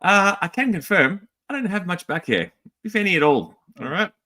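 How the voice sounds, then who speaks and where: Co-hosting a laid-back toy livestream, this Australian man speaks in a high-pitched voice at a moderate pace, joking around and greeting chat members one by one in a lively way.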